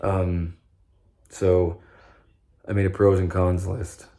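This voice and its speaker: A young man vlogs about his own recovery in a casual, rambling monologue, swearing freely and often cutting off mid-sentence. His voice sits low and warm, level in tone, and he speaks slowly.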